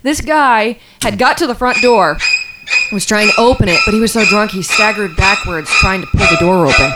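A woman co-hosting a relaxed podcast, telling a neighborhood story with lots of laughter. She jumps into quoted voices to act out each person. Her pitch sits in the middle for a woman. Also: moderate pace, very noisy. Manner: animated, acts out quoted people, laughs often. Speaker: podcast co-host. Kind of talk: casual storytelling chat.

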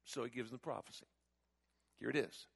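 A man preaching a sermon, animated and emphatic, with frequent rhetorical questions. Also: medium pitch, a little fast, gravelly, husky.

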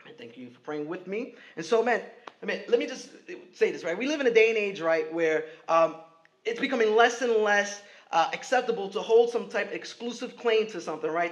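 High-voiced man preaching conversationally. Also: muffled recording. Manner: conversational preaching with frequent "right?" and restarts. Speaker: pastor. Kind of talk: sermon.

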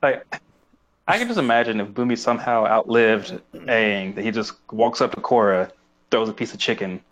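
A man's voice: lowish voice, expressive, moderate pace, a bit bright. A man chatting casually as a podcast co-host, often searching for words and laughing. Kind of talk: casual chat.

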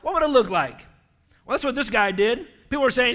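A man preaches with fervor, his voice pitched high for a man. His tone is bright and forceful, and he pushes into shouts at his strongest points. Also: animated, brisk. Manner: impassioned preaching, rising to shouts. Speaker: pastor. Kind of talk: sermon.

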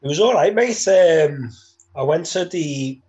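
A man's voice: fairly high pitch, expressive, measured pace, dark tone, slightly rough, muffled recording. A young man with a Liverpool accent, co-hosting a podcast in casual, laddish banter, swearing and laughing freely. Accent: Liverpool English. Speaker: podcast co-host.

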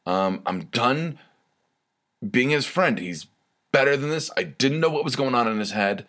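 A man's voice: mid-range voice, expressive, unhurried, fairly bright tone. A man hosting his own podcast, telling a personal story in a rambling, candid monologue full of restarts and asides. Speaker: podcast host.

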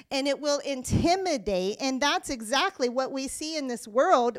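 Woman preaching, high voice, gets loud and punchy on the big lines, reads scripture quieter. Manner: emphatic, rising to forceful declarations. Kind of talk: sermon.

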